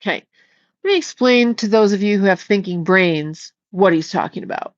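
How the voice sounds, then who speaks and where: On a casual livestream, a woman with a mid-range, animated voice reads the chat and bluntly chews out a viewer, cursing liberally. She talks at normal speed, with no echo and slightly dull lo-fi sound.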